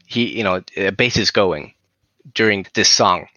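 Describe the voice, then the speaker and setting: A man's voice: low voice, unhurried, sharp tone, no room sound, lo-fi sound. A Swedish man speaking English with a Swedish accent, telling a story as a musician guest in a rambling way, full of "you know" and small laughs. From southern Sweden. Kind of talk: casual storytelling.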